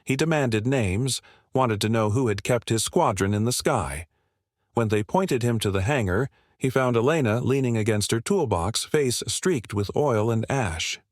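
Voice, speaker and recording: A man narrating a scripted war story in a steady, measured storytelling manner. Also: mid-range voice, no echo, studio quality.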